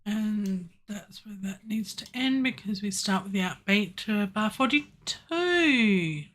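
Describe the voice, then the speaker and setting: A woman's voice: medium pitch, animated, slow, a bit bright. A woman livestreaming from her home studio, chatting playfully to herself and to viewers as she works on a song. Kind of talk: casual live-stream self-talk while producing music.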